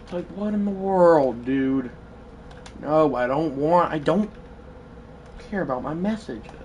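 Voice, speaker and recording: A streamer giving live commentary on a baseball video game, quickly frustrated, talking back to the game and bursting into shouts. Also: mid-range voice, lively intonation, slight background noise.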